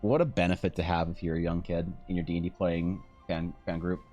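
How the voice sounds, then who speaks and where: This man's voice is deep and dark, a bit fast and flat, with dull audio and faint music behind him. He draws on a live stream while chatting casually, spinning rambling stories full of swearing and laughter.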